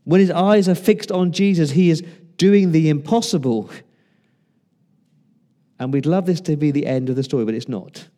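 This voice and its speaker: Man preaching with a mellow tone. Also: on the high side. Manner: conversational preaching with rhetorical questions and dramatic pauses; acts out quoted lines in varied voices. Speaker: pastor. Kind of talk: sermon.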